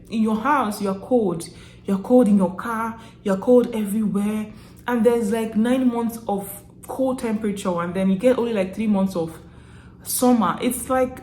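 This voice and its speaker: A young woman from Nigeria with a Nigerian accent, telling stories to camera in a chatty, animated way, often laughing and restarting her sentences. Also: medium pitch, roomy sound, a little hiss or hum. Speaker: vlogger. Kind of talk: casual storytelling to camera.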